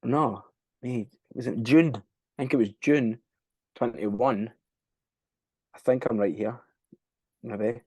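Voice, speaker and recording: A Scottish band frontman, appearing as a podcast guest, speaks slowly at medium pitch with long pauses and a warm, husky tone on a dry recording. In this casual interview chat he rambles, swears freely, and loses track of dates.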